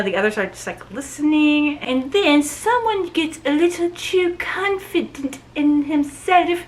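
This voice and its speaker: A woman recaps a novel in a loose, gushing style, full of fillers and asides. Her voice sits a little higher than most. She sounds like a book vlogger talking straight to her viewers. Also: fairly bright tone, poor audio. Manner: chatty and enthusiastic, with many fillers. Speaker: book reviewer. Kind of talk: casual book review recap.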